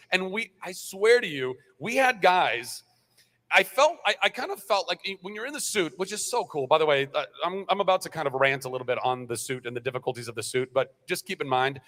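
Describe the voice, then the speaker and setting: A middle-aged actor on a fan convention panel, rambling, swearing and laughing as he talks to the crowd. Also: long reverb tail. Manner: animated, rambling, swears, laughs, goes loud and high. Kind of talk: freewheeling panel talk to fans.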